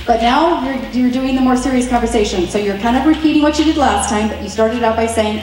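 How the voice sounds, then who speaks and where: Woman, slightly high voice, earnest chatty teaching talk, very echoey room, distant mic. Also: brisk, few pauses, a little mellow, slight background noise. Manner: earnest and chatty, slips into quoted dialogue. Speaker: speaker teaching wives. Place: meeting room.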